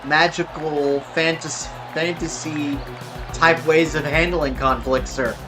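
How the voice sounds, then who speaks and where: A man's voice: a little high, steady tone, slow, over music. Rambling man hosting a game stream. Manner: rambling, thinks aloud with fillers. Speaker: streamer host. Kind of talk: casual chat while playing.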